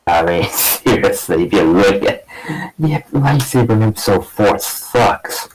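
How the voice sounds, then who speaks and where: A low-voiced man chatting on a podcast. He rambles, restarting his thoughts with filler as he goes. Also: lively intonation, measured pace, poor audio. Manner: rambling, leans on "I mean". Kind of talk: casual podcast discussion.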